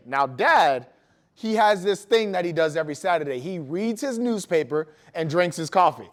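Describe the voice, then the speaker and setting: A man giving an energetic motivational talk to school staff in a large room, telling stories and asking the audience questions. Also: high-pitched, brisk. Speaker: motivational speaker.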